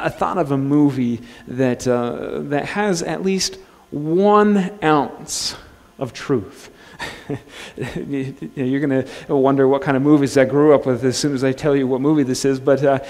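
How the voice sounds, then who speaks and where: A male pastor preaching a sermon in a relaxed, conversational way, joking and restarting his phrases. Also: medium pitch. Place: church sanctuary. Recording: long church-hall reverb.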